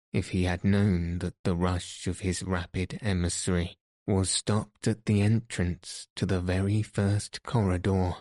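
A man narrating an audiobook in a measured, even way. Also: deep voice, dry recording, studio quality. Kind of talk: audiobook reading.

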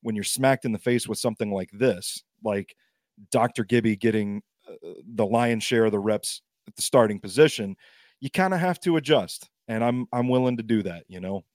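A man's voice: on the low side, moderate pace, a little mellow, no echo, studio quality. A man filling in as guest on a sports podcast, talking in a chatty, self-deprecating way while battling a cough. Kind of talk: casual sports talk.

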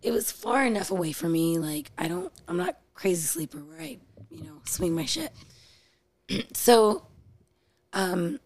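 A woman's voice: on the high side, big pitch swings, measured pace, gravelly, a little mellow. A woman co-hosting a podcast, chatting casually and rambling with many fillers. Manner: rambling, heavy use of "like". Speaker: podcast co-host. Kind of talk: casual chat.

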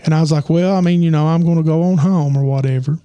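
A man telling a rambling personal story with lots of fillers, his voice getting hoarse. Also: on the high side, fairly even intonation, fast, dark tone, dry recording, lo-fi sound. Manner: rambling, many fillers and restarts. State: losing his voice. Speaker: podcast host. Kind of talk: casual storytelling.

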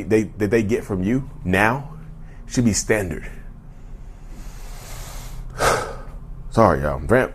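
Husky Southern man ranting to camera. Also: lowish voice, a little mellow. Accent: Southern US drawl. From North Carolina, US. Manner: emphatic, blunt, profane, repeatedly addresses viewers as y'all. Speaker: YouTube channel host. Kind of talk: unscripted rant to camera.

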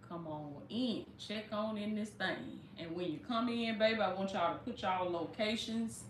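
A woman's voice: mid-range voice, moderate pace, a little hiss or hum. A woman hosting a casual preaching livestream. She greets viewers over and over and calls them "baby.". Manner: warm, repetitive welcoming, calls listeners "baby". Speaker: livestream host and life coach. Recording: echoey room.

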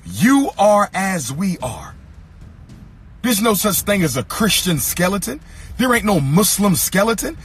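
Man, impassioned speech, high voice, very animated pitch, rhythmic repetition, faint music behind. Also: measured pace, husky. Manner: rhythmic, emphatic repetition of lines; occasionally sings or shouts phrases. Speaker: speaker addressing an audience.

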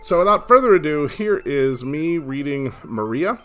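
A man's voice: a little high, big pitch swings, normal speed, fairly bright tone. A middle-aged man giving a casual, self-deprecating introduction as host, with easy fillers. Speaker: podcast host. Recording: voice over guitar music. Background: guitar music.

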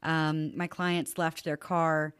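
Woman producer, low voice, relaxed, light chuckles. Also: slow, smooth. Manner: easygoing, laughs lightly while telling a story. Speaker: podcast producer. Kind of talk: casual anecdote.

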